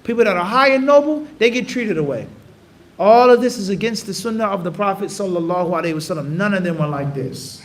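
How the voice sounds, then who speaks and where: A man gives a religious lesson in a lively, animated way, slipping into voices for everyday scenes. His voice sits high and his words tumble out fast. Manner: animated, acts out dialogues, recites Arabic rapidly. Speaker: Islamic teacher. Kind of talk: religious lesson with acted examples.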